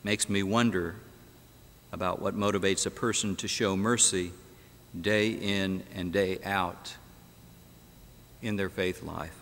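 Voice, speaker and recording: Here a pastor with a low-sitting, fairly bright voice preaches slowly, with fairly even intonation and long pauses. His sermon in the church sanctuary dramatizes the story and asks rhetorical questions, captured in an echoey hall.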